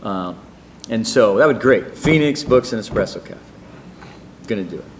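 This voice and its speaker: A man's voice: fairly low pitch, normal speed, slight background noise. Rambling middle-aged man telling a story. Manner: rambling, animated, many fillers and restarts. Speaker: storyteller guest. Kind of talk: casual personal storytelling.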